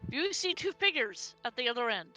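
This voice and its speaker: A woman narrating as game master of a tabletop game, halting and repeating words. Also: a little high, very animated, sharp tone, faint music behind. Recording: dry, dull lo-fi mic.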